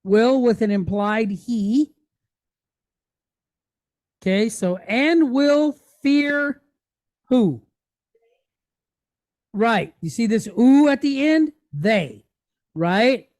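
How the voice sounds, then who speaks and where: In a Hebrew reading lesson, a woman patiently identifies letters and vowel points one by one, pausing to ask the class "right?" again and again. Her slightly high, darkish voice is animated, with drawn-out words and long pauses. No echo is heard.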